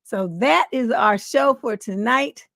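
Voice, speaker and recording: A woman's voice: on the high side, takes it slowly, vocal fry, no room sound, clean studio sound. Laughing woman hosting a live stream. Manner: laughs often, reacts loudly, quotes people in playful voices. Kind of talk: casual live stream chat.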